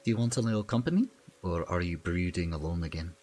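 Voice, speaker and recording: A man playing a gentle, teasing companion. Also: low-pitched, fast, natural voice.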